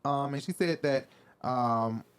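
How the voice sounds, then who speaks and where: A man hosts a casual episode recap, talking things through in a loose, chatty way. He curses often and drops laughing asides. His voice is mid-pitched and relaxed. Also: slow. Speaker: show recap host.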